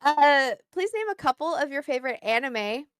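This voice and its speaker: A woman's voice: high-pitched, lively intonation, moderate pace, a bit bright, no room sound, studio quality. A woman co-hosting a podcast interview, bubbly and playful. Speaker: podcast co-host. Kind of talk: casual interview chat.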